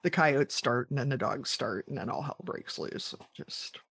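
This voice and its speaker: A man hosting a podcast, chatting in a relaxed, easygoing way. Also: medium pitch, moderate pace, vocal fry, husky, dry recording. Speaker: podcast host. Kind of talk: casual interview chat.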